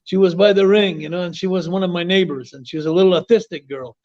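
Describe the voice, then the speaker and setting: A man tells a story as an interview guest, in a fairly high voice. He is animated and often stumbles over repeated words. The audio sounds dull and lo-fi. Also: quick pace. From Quebec, Canada. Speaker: interview guest, former wrestler.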